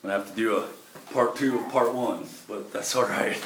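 A man's voice: on the low side, a little fast, a bit bright. A middle-aged man, preaching a sermon in a church with folksy, emphatic delivery and shifting volume. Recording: echoey room with faint noise.

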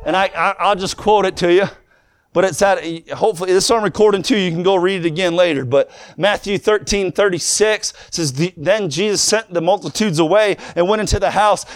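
A man preaching a fiery sermon, shouting in a sing-song cadence with swings up and down in pitch. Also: no room sound, clean studio sound.

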